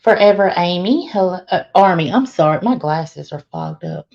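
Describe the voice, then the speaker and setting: A woman's voice: lowish voice, animated, moderate pace, creaky, a little mellow. A woman hosting a casual live stream, greeting viewers one by one and laughing often. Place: laundry room. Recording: dull lo-fi stream audio.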